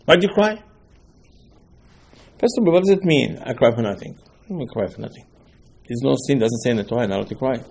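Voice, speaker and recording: A man teaching a Torah class, animated and full of rhetorical questions, voicing the listener's protests. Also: medium pitch, fairly quick, gravelly, long pauses, husky. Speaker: rabbi teaching Talmud.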